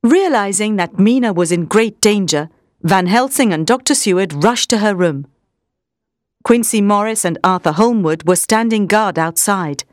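A woman narrates a classic story in a measured, expressive way. Her voice sits in a mid-range pitch and sounds dry, with no room around it. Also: dry recording.

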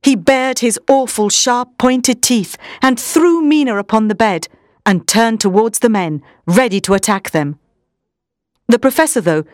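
A woman narrating a classic story in a measured, expressive reading style. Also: fairly high pitch, no room sound, clean studio sound.

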